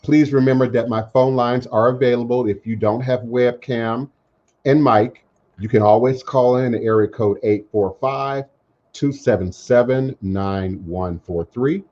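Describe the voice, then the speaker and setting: A man talks to his radio audience in a measured, emphatic monologue. He stacks lists and repeats phrases for weight. The audio is muffled and lo-fi, like internet talk radio. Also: medium pitch, steady tone, a little mellow. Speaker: radio show host.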